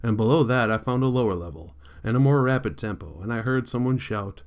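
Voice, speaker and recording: A man narrating a literary novel for an audiobook. His pitch sits in an ordinary middle range, and he reads in a measured, deliberate way. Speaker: audiobook reader. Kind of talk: scripted narration.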